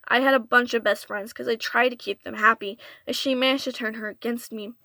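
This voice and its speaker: Earnest young woman, bright close voice. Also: on the high side, fairly even intonation, fairly quick, gravelly, no room sound. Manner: earnest, confessional retelling. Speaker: vlogger. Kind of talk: storytime vlog.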